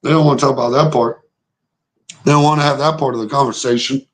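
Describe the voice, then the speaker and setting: A man's voice: mid-range voice, fairly even intonation, fast. A young man hosting a live sports reaction stream, arguing heatedly and profanely with chat comments. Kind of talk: casual livestream reaction, reading chat.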